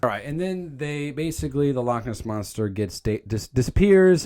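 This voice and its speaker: A man's voice: medium pitch, expressive, normal speed, few pauses, darkish tone. A young man giving a casual, joking movie recap, rambling and stumbling over his words. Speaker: video creator recapping a movie.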